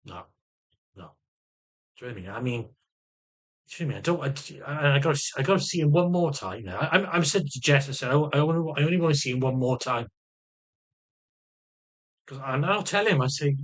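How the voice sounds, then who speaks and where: A man's voice: mid-range voice, animated, fast talker, pauses often, a bit bright. A man with a Welsh accent venting in a casual vlog monologue, rambling and swearing, restarting his sentences and speaking bluntly and sardonically. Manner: rambling and profane, with frequent restarts. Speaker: vlogger.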